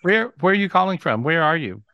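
A man's voice: on the high side, big pitch swings, fairly quick, dull audio, background noise. A man hosting a live video call, giving chatty, reassuring psychic readings and often repeating himself. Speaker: psychic host.

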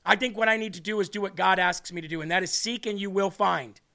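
Earnest high-voiced man hosting a faith podcast. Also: steady tone, fast, vocal fry, pushed and bright. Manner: earnest, emotional, reads comments aloud. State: tearing up. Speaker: podcast host. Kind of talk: reading live chat on a faith podcast.

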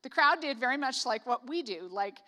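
A woman from Canada preaches a casual sermon, and her fairly high voice comes out bright. She talks in a chatty way with joking asides and plenty of "like". The sound carries a long echo of a large hall. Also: lively intonation, fairly quick. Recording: reverberant hall.

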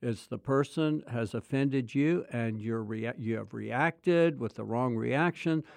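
A middle-aged man co-hosting a faith-based talk, explaining step by step in a measured way. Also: mid-range voice, creaky, no echo. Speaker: co-host.

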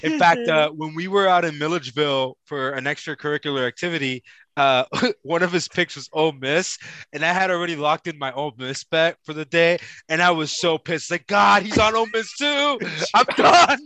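A young man with a somewhat high, bright voice runs a casual sports podcast. He talks in an excitable, storytelling way, laughing and swearing freely. The sound is close and dry. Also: brisk, clear, resonant tone, no echo. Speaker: podcast host.

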